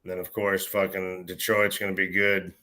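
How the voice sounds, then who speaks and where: A man's voice: deep voice, little pitch movement, moderate pace, bright, forceful tone. A man co-hosting a podcast, blunt and heavy with swearing in a casual chat over beers. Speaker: podcast co-host.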